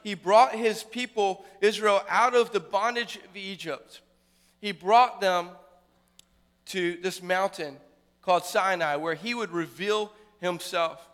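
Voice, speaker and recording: High bright-voiced preacher in a hall. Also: male voice, slow pace, smooth. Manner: dramatic preaching, building loud then dropping to a hush. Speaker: pastor. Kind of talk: sermon.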